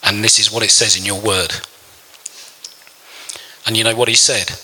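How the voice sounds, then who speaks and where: A man's voice: fairly low pitch, little pitch movement, normal speed, sharp tone, slightly rough, long reverb tail, poor audio. A man preaching a sermon, telling a personal story in an earnest, emotional way. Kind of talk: sermon testimony.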